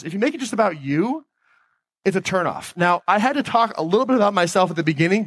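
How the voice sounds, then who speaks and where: A man's voice: high voice, fairly bright tone, dry recording. A man giving a motivational talk on stage, emphatic, repeating key phrases and asking the audience questions. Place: stage before a live audience.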